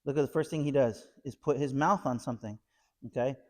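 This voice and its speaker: A man with an ordinary mid-range voice teaches a puppy training session. He explains each step as he works the dog and keeps tagging his points with a quick "okay?" to the viewer. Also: mid-range voice, darkish tone. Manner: explains while working a puppy, frequent "okay?" check-ins. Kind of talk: instructional training video.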